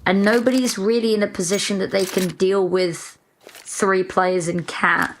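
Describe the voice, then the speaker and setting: British woman, esports color caster, mid-pitched, analytical and wry, slight background hiss. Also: steady tone, measured pace. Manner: analytical, wry, joking asides. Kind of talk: live esports color commentary.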